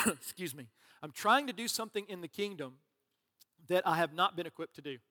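A man's voice: high-pitched, expressive, moderate pace, pushed and bright. A man preaching a sermon as pastor, conversational and joking, with asides to the congregation. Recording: long reverb of a large hall.

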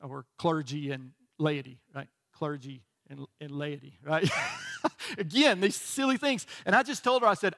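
A man's voice: a little high, huge pitch swings, unhurried, gravelly, bright, forceful tone. A middle-aged male pastor preaching a sermon in a chatty, storytelling way, often checking in with "right?". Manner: conversational, storytelling, frequent "right?" asides.

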